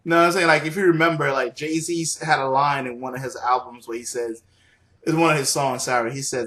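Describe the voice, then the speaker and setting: A man's voice: mid-range voice, steady tone, normal speed, fairly bright tone. A young man hosting a casual gaming podcast, joking and laughing often. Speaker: podcast host.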